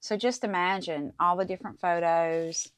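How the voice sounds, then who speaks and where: A woman's voice: on the low side, fairly even intonation, normal speed, clear, resonant tone, dry recording. A middle-aged woman hosting a casual craft tutorial, chatting to viewers as she works through each step. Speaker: crafting channel host.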